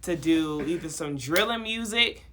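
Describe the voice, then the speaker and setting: A woman's voice: low voice, lively intonation, unhurried, a bit bright, a little hiss or hum. A woman hosting a casual podcast, talking in an upbeat, playful, slangy way. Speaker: podcast host.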